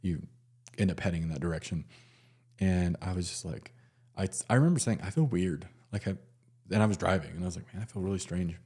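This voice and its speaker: A man, a nurse, telling a personal story in a casual, halting way with many fillers and restarts. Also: low voice, mellow, breathy edge.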